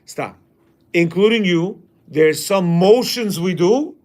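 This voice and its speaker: A man's voice: sits high, animated, slow, a little mellow. A man teaching a class in a casual way, reading a passage aloud and then commenting, often acting out quoted lines.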